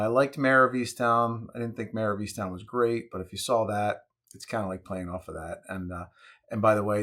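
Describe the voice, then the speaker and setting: A man's voice: on the low side, fairly bright tone. A man hosting a casual vlog, chatting in a wry, jokey way while making a cocktail. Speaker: host.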